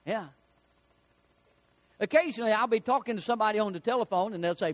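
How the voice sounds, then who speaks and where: A middle-aged male pastor preaching a sermon, animated and folksy, telling homely anecdotes between Bible readings. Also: high voice, quick pace, long pauses.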